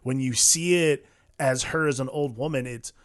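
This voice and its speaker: Man podcast co-host, average pitch, relaxed, dry sound. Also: moderate pace, no echo. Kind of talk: casual film review chat.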